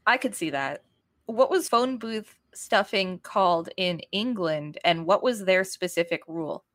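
A woman's voice: fairly low pitch, lively intonation, measured pace, fairly bright tone, no room sound, studio quality. Matter-of-fact woman quizzing her co-host. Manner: matter-of-fact, explains and prompts with questions. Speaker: podcast host. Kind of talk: casual chat, quizzing a co-host.

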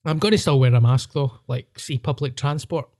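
A man's voice: medium pitch, moderate pace, a little mellow. A Glaswegian man and comedian in casual podcast chat, telling stories with lots of swearing and laughter.

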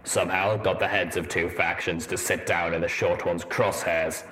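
A man voicing a deep deadpan armored pony soldier. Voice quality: deep, rumbling. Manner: deadpan, measured and wry. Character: gruff armored male pony soldier, dry and skeptical.

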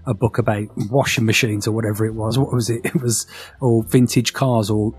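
A man's voice: fairly low pitch, little pitch movement, brisk, faint music behind. A man co-hosting a casual podcast about a book and its film, rambling, correcting himself as he goes, and steering the questions. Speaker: podcast co-host.

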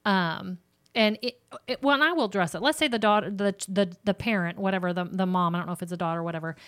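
A woman's voice: medium pitch, fast talker. A middle-aged woman hosting a faith-based parenting advice chat, earnest and chatty, often acting out little example conversations.

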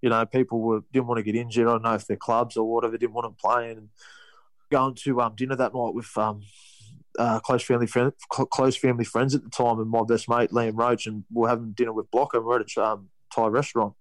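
Australian man, young, fast talker, dry close sound, rambling, lots of restarts. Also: medium pitch, flat delivery, dry recording, rough recording. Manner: rambling with many restarts and "you know". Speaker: guest, rugby league player. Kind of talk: casual storytelling interview.

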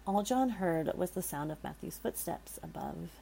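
A woman's voice: fairly low pitch, animated, moderate pace, gravelly, warm tone, breathy edge, low-quality recording. A woman reading a scary story aloud in a dramatic way, stopping for nervous asides to her listeners.

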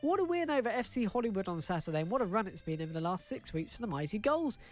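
A man's voice: high voice, big pitch swings, quick pace. A man co-hosting a podcast, reading listener letters in a casual, playful chat and chuckling often as he goes.

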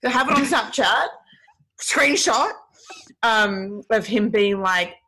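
A woman's voice: on the high side, slow pace. A young woman hosting a podcast, chatting candidly and animatedly, full of fillers and swearing. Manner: animated storytelling, heavy filler words, swearing. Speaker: podcast host. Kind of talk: candid casual chat.

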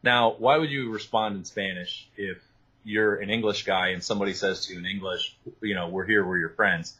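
A man, an author, talking through his research in an animated interview, with many restarts and asides. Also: fairly low pitch, moderate pace, slightly rough, poor audio. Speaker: author and guest. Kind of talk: interview conversation.

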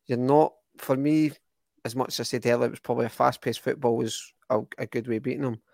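A man's voice: mid-range voice, fairly even intonation, fast talker, gravelly, a little mellow, no room sound. Scottish man rambling about football. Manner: rambling, restarts often, enthusiastic. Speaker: podcast co-host. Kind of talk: casual football chat.

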